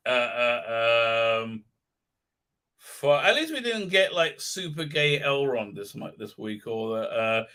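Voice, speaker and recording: Taking it slowly, this live-stream commentator speaks at medium pitch with big pitch swings in a sharp, clean tone. He rants with sarcasm and profanity, mocking what he reads in silly put-on voices, while stumbling through many fillers and restarts.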